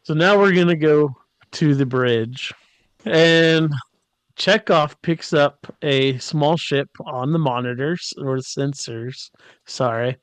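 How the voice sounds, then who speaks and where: Slow, smooth male podcast host, joking recap with character mimicry, dry close sound. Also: on the high side, no room sound. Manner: jokey, mimics characters in quotes. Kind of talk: casual episode recap.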